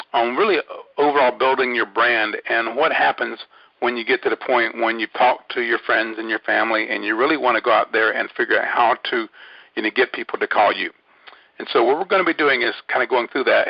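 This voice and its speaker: A man's voice: medium pitch, creaky, no room sound. Rambling man with a drawl. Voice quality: rambling, many fillers and restarts. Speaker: webinar host. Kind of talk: casual online training talk. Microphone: phone line. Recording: dull lo-fi dry audio.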